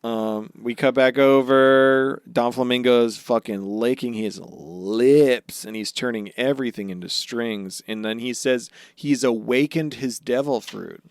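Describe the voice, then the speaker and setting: A man co-hosting a podcast in casual chat, recapping anime episodes, swearing freely and putting on quick voices for the characters. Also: mid-range voice, clean tone, dry recording, clean studio sound. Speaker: podcast co-host.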